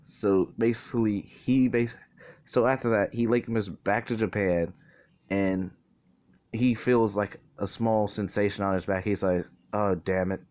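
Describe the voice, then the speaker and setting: A young man with a somewhat low voice, casually telling a made-up fan story. He rambles, drops curse words freely and keeps stopping to correct himself. The delivery is loose and unscripted. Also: steady tone, unhurried, a little mellow. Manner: rambling, profane, self-correcting.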